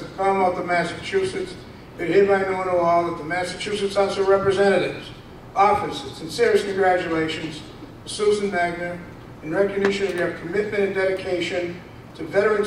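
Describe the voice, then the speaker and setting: An older man, a state representative, giving a folksy, rambling ceremonial speech at a luncheon, with asides and fillers. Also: sits high. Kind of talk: ceremonial speech presenting a citation. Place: banquet hall at a country club luncheon. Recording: echoey hall from far off, noisy.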